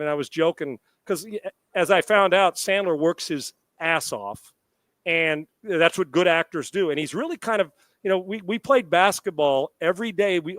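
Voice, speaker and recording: A middle-aged man co-hosting a sports talk show, telling a long, animated story with quoted dialogue and salty language. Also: high voice, moderate pace, dry recording.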